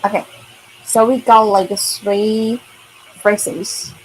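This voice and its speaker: Slow, patient woman teaching kids. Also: mid-range voice, little pitch movement, slight background noise. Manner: slow, patient, repeats words for learners to echo. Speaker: Chinese teacher. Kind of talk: online kids' language lesson.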